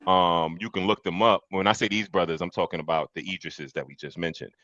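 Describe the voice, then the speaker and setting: A man's voice: deep voice, fairly even intonation, a little fast, bright, forceful tone, no echo, lo-fi sound. A man hosting a casual podcast discussion, reflective and thinking aloud with fillers. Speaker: podcast host. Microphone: streamed podcast mic.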